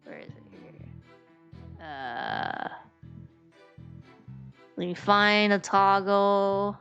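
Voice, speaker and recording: A woman's voice: medium pitch, lively intonation, slow, creaky, a bit bright, lo-fi sound, soft background music. A woman streaming a game, reading its dialogue aloud and chatting in a rambling, filler-heavy way, laughing often. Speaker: VTuber streamer.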